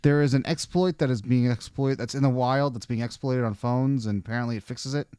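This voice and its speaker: A man's voice: mid-range voice, steady tone, fairly quick, mellow, clear, resonant tone, no echo. A man co-hosting, bantering casually and teasing the host. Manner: teasing, joking.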